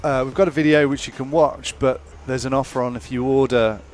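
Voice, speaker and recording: A man co-commentating a live race in a relaxed, easygoing way. He banters with his partner and reads out sponsor offers. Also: medium pitch, a little fast, slight background noise.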